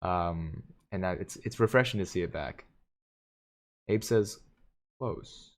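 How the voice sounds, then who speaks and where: A man's voice: low-pitched, slow. A man hosting a live stream, casually reading viewer comments aloud and joking, with frequent chuckles. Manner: jokey, chuckles often between comments. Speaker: livestream host.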